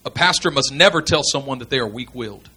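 A man's voice: mid-range voice, animated, fast, sharp tone, breathy edge. A man teaching in a sermon style, earnest and emphatic, repeating his key points. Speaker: pastor teaching pastors.

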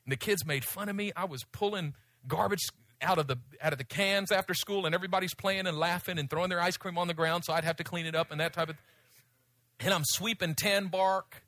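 A middle-aged man preaching a sermon in a storytelling way, swinging from loud pleading to hushed, low speech. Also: fairly even intonation, a little fast, dry recording.

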